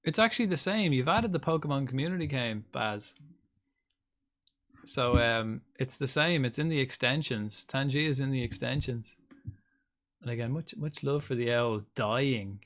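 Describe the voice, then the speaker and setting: A man plays a game on stream and chats with viewers in a mid-range, fairly bright voice at a moderate pace. His talk is casual and meandering, and he addresses chat members by name.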